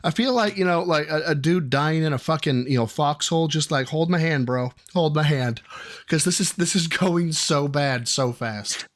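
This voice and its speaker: A man's voice: a little high, normal speed, few pauses. A rowdy, foul-mouthed male streamer. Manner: profane, theatrical and exasperated, with loud outbursts. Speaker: host. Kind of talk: casual live-stream reaction chat.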